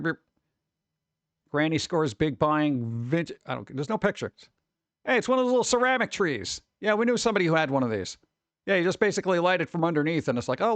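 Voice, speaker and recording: A man chatting casually on a live stream, reading chat and reacting with quick exclamations. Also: on the high side, dry recording.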